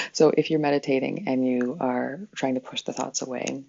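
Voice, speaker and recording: This is a woman leading a live spiritual healing session in loose, rambling chat. She backtracks and laughs softly at herself as she goes. Her voice is husky and breathy, and the livestream sound is muffled and lo-fi. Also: extremely low pitch, flat delivery, brisk, few pauses. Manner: rambling, self-correcting, chuckles often. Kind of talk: casual livestream talk.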